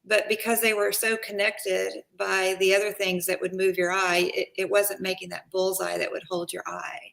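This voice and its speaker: A woman guesting on an art talk, lively, laughing often and saying "like" a lot. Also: mid-range voice, moderate pace, creaky. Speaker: guest painter.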